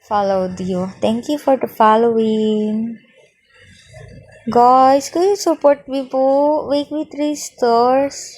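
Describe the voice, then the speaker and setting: A young woman hosts a casual phone livestream. She speaks slowly in a slightly high voice and reads out viewer names one by one. She drops phrases into her English. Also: fairly even intonation, a little mellow, low-quality recording. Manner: mixes English with Filipino phrases. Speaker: livestream host.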